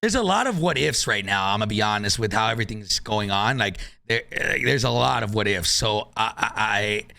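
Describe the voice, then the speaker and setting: A man's voice: on the low side, animated, brisk, creaky, hardly any pauses, bright, forceful tone. A man hosting a casual gaming podcast, reading rules aloud and swearing freely.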